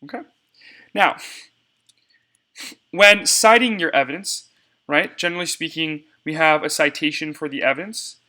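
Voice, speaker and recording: A man's voice: fairly high pitch, moderate pace, long pauses, bright, forceful tone. A young man giving a casual step-by-step screencast tutorial on cutting debate cards, talking to viewers as y'all.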